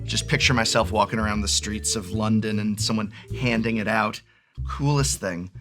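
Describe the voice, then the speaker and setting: A man's voice: lowish voice, fairly even intonation, normal speed, fairly bright tone, soft background music. A man in his forties talking casually and enthusiastically as a card game video host, rambling and often restarting his sentences. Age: 40s. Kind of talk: excited unboxing chat.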